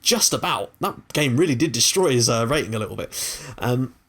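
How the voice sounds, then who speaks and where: Male, young adult, gaming host, chatty, excitable, mid-pitched. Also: normal speed, slightly rough. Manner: chatty, excitable, swears casually. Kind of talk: casual game commentary.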